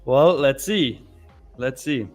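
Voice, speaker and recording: A man co-hosting a live trading stream in casual chat, relaxed and repeating his words. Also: medium pitch, slow pace, soft background music. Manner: relaxed, repeats himself, stammers. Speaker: co-host trader.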